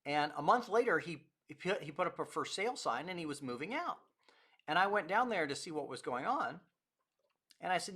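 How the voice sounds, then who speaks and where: A man's voice: on the high side, very animated, a little fast, pushed and bright, husky. A man, a pastor, teaching a recorded lecture and telling anecdotes in a conversational way with quoted dialogue.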